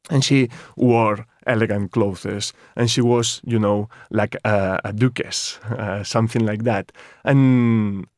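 A man with a low voice talks about his book on a radio show. He halts and repeats himself as he hunts for words. The studio sound is close and dry. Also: a little mellow, dry recording. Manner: hesitant, repeats words while searching for phrasing. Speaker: author guest.

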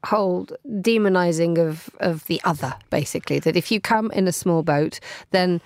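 A woman's voice: fairly low pitch, normal speed, no room sound. A British woman hosting a live radio talk show in a studio, thoughtful and conversational. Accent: British English. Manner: conversational, thoughtful, hands over to guests. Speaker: radio host. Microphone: studio microphone.

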